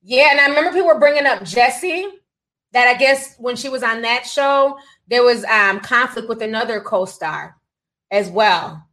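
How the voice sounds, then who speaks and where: Poor audio carries a woman's somewhat high, animated voice, slightly bright and at a moderate pace. Reading super chats on her casual gossip livestream, she adds sassy asides, laughs a lot, and says "honey" and "child."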